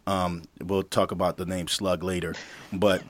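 A man's voice: deep voice, level tone, a little slow, no echo. A middle-aged man from the Virgin Islands, co-hosting a podcast in casual chat, telling stories with laughter and acted-out quotes. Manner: storytelling, laughs often, acts out quotes. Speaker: podcast co-host, football coach.

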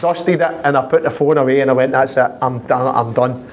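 A man with a Scottish accent, a footballer guest telling prank-call stories with lively laughter and constant "I says". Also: medium pitch, fairly quick. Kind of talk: anecdotal storytelling.

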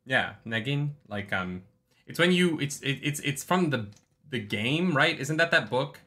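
A man's voice: medium pitch, animated, a little slow, bright, forceful tone. A man co-hosting a casual book-club podcast, joking around and reading quotes aloud. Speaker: podcast co-host.

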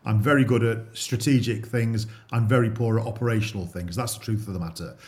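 A man's voice: on the low side, fairly even intonation, fairly quick, darkish tone. A middle-aged man from England, a guest in an interview, telling his story in a plain-spoken way with frequent repeats and restarts.

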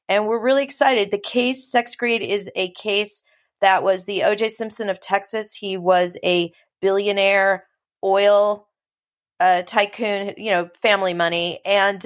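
A middle-aged woman from Los Angeles, a film producer talking as a guest in a casual interview, chatty and animated. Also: mid-range voice. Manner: chatty, animated storytelling with quick asides. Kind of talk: casual conversation.

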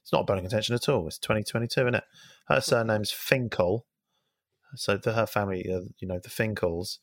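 A man's voice: fairly low pitch, a little fast, dry recording, clean studio sound. A man co-hosting a casual football podcast, wry and self-mocking. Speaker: podcast co-host.

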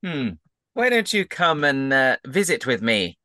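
A man voicing a boastful, excitable rabbit-folk man who talks in a loud, gleeful, showy way. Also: medium pitch, unhurried, no echo, clean studio sound, pitched above the performer's own voice. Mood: chummy.

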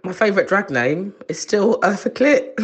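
A bubbly caller leaving a voice message from a bathroom, speaking in a slow, drawn-out way. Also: mid-range voice, expressive.

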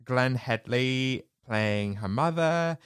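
A man's voice: mid-range voice, slow, clear, resonant tone, no room sound. Young guy cohosting, bouncy jokey voice, dry close sound. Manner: animated, jokey, breaks into song and laughs. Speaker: podcast co-host. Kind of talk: casual chat.

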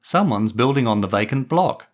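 A man's voice: mid-range voice, expressive, close to an everyday voice. A man voicing a girl who is a confident older sister and school captain, in a storybook reading. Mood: reassuring. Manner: brisk, reassuring.

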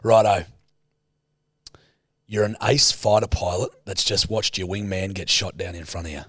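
A man's voice: sits low, steady tone, normal speed, a bit bright, dry recording, studio quality. A laid-back man, hosting a casual podcast and swearing freely. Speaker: podcast host.

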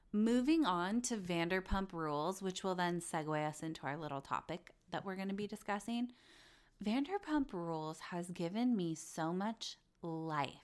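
Gushing, chatty young woman host. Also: lowish voice. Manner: gushing, chatty, acts out quoted voices. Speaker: podcast host. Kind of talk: casual chat about reality TV.

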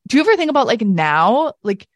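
A woman's voice: a little high, big pitch swings, fairly quick, no echo, clean studio sound. A woman co-hosting a podcast in casual chat, telling stories and acting out quotes. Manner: chatty, acts out quotes. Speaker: podcast co-host.

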